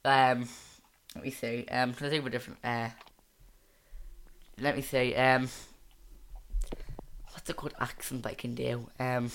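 A woman's voice: rumbling low, fairly even intonation, measured pace, long pauses, bright, forceful tone, clear, resonant tone. A woman with a Dublin accent chatting casually as a podcast co-host, loose and full of fillers. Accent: Dublin Irish. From Dublin, Ireland. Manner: chatty, with many fillers and playful accent attempts. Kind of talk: casual chat.

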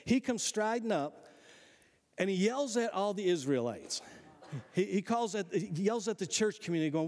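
A man preaching a sermon as pastor, telling stories in an animated, folksy, humorous way. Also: high-pitched, normal speed, long reverb tail.

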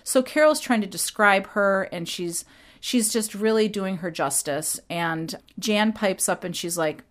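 A woman hosting a podcast, retelling a story casually with animated, quick impressions. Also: medium pitch. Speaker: podcast host.

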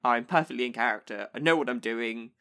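A man co-hosting a podcast, talking through his own role-play experience in a relaxed, easy manner. His voice sits at an ordinary middle pitch. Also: quick pace. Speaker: podcast co-host. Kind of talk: casual chat about tabletop role-play.

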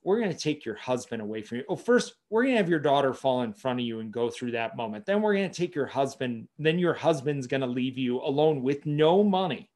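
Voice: medium pitch, expressive, a little fast, hardly any pauses, a little mellow. A podcast host who interviews a guest, often affirming her and reflecting on her story at length. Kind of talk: casual interview.

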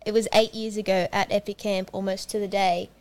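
A woman's voice: mid-range voice, level tone, brisk, darkish tone. A woman, a youth leader, chatting casually and earnestly in a podcast conversation. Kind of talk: casual chat.

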